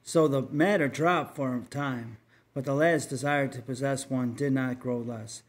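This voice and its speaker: Male reader, mid-pitched, earnest and measured storytelling for a religious tract.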